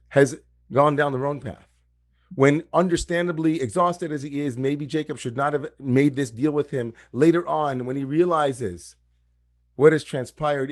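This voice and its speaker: A man's voice: on the high side, dry recording, studio quality. A man giving a reflective sermon as a rabbi at an online service, speaking over a video call and repeating key phrases for emphasis.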